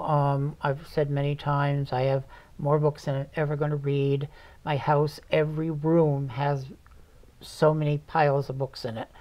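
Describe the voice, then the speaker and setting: A woman's voice: low voice, a little mellow. A woman hosting a local talk show, chatting with her guest in a folksy, joking way. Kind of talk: casual interview chat.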